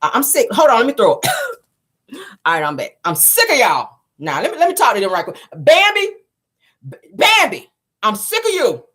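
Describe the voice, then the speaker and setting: A woman's voice: medium pitch, a little fast, slightly rough. Sassy woman dishing celebrity gossip, voice bouncing all over, says honey a lot. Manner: sassy, animated, calls listeners child and honey. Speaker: gossip show host. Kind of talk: casual celebrity gossip commentary.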